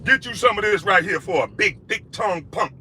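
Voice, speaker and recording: A former pro basketball player delivering an angry, profane video rant, heated and insulting. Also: male voice, sits high, animated, fairly quick, bright, forceful tone, a little hiss or hum.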